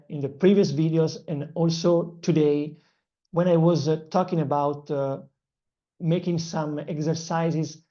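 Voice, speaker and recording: A non-native English speaker with an Italian accent gives an earnest motivational language lesson in short phrases, pausing on fillers. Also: medium pitch, mellow, muffled recording. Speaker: English-learning channel host.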